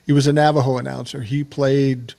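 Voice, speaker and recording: A man's voice: medium pitch, level tone, fairly quick, gravelly, dark tone. An older man hosting a podcast, chatting casually and telling stories with easy laughter. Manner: storytelling, laughs easily. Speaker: podcast host. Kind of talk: casual chat.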